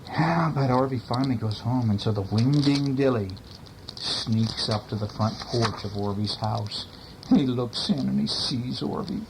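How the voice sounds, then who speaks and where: A man's voice: mid-range voice, measured pace, vocal fry, background noise. A man reading a bedtime story to a child, with casual, chatty asides to the listener.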